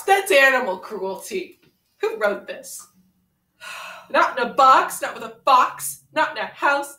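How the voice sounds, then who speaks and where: A woman's voice: on the high side, bright, forceful tone. A woman playing brash, teasing Yang. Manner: impatient, teasing, reads aloud in a sing-song voice. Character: brash, pun-loving young woman brawler. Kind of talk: comedic fan parody. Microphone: camera mic set far away. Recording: roomy room, mic far away.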